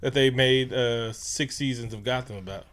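A man co-hosting a casual movie commentary chat, talking loosely and profanely, laughing often and doing quick impressions. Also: mid-range voice, fairly even intonation, fairly bright tone. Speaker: podcast co-host.

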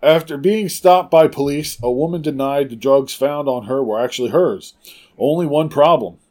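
A man's voice: on the high side, normal speed, a little mellow. Man reading odd news aloud. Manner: laughs easily, reads with wry asides. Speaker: podcast co-host. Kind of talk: casual comedic chat, reading news stories aloud.

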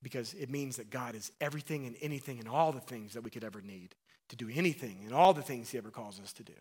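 A man preaching a sermon, animated and acting out the voices of Bible figures, dropping to a low hush for emphasis. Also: fast, husky. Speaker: pastor.

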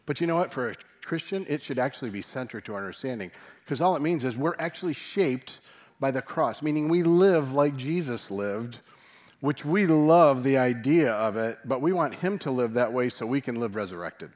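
A man's voice: mid-range voice, a little fast. Chatty pastor man preaching. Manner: chatty, self-joking, animated asides. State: dry mouth from caffeine. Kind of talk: sermon. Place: church service.

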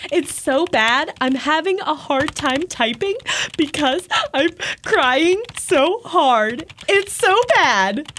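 A woman's voice: high-pitched, lively intonation, slow pace, a bit bright, slight background noise, full character voice. A woman reading the part of a melodramatic woman crying over an insult to her dog, whiny and overwrought. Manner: whiny, overwrought sobbing complaint.

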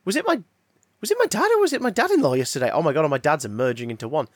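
A man co-hosting a podcast, chatting casually with jokes, quick asides and bursts of laughter. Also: on the high side, huge pitch swings, dry recording, clean studio sound. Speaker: podcast co-host. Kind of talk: casual chat.

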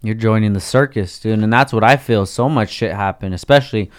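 A man's voice: on the low side, fairly quick. A man co-hosting a podcast, chatting in a laid-back, profane way and often answering with short agreeing replies. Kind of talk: casual chat.

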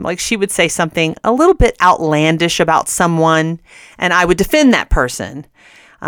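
A woman's voice: fairly low pitch, a bit bright, smooth, no room sound, studio quality. A middle-aged woman hosting a Christian radio show, telling a personal story earnestly and often laughing mid-sentence.

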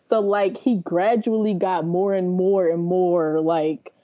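A woman's voice: fairly low pitch, slow, dull audio. A woman from the Bay Area, a podcast guest chatting casually and animatedly, often laughing. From San Francisco Bay Area. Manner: animated, laughing, talks in long runs. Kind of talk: casual chat.

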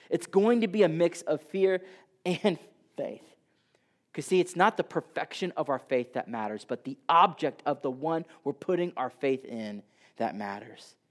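A man preaching a sermon who swings from loud, emphatic passages down to soft near-whispers. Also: on the high side.

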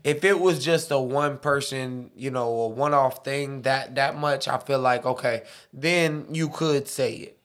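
Brief: male co-host, mid-pitched, relaxed casual talk with fillers. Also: a little slow, few pauses. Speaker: podcast co-host. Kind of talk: casual chat.

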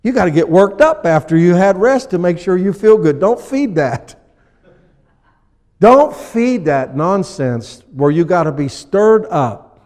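Animated male preacher in a reverberant hall. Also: high voice, a little slow. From USA. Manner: animated preaching, acts out people in little scenes. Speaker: pastor. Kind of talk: sermon.

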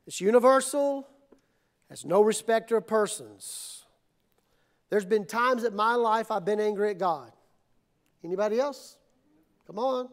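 A male pastor with a strikingly high-pitched voice delivers a sermon. He builds from quiet, measured reflection to impassioned outbursts, voicing desperate prayers aloud. He sounds middle-aged and fully invested in the preaching.

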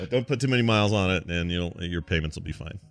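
A man hosting a podcast in casual chat, wry and joking as he reads out news stories. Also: low-pitched. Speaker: podcast host.

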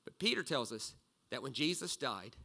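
Animated preacher man, bright sharp voice. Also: normal speed, vocal fry. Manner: animated storyteller, swings from loud bursts to low asides. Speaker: pastor. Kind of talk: sermon with storytelling.

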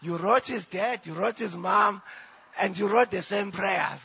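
A South African man whose first language is Zulu, telling his personal testimony in church in halting English with restarts. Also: sits high, creaky, sharp tone, breathy edge. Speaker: church member giving testimony. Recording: reverberant church hall.

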